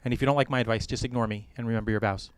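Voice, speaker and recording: A middle-aged American man officiating a wedding, giving joking, gentle advice to the couple. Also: fairly low pitch, fairly even intonation, racing, clean tone, no room sound. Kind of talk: wedding ceremony address. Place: outdoor or hall wedding ceremony.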